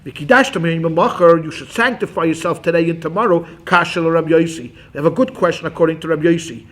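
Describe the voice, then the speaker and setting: A man teaching a Talmud class as a rabbi, animated and acting out quotes, quick asides to his students. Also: fairly high pitch.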